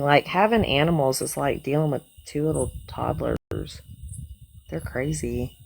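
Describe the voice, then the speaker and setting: A woman's voice: low-pitched, a little mellow, low-quality recording. A woman, a guest on a livestream, chatting casually and fondly about her dogs, with some swearing.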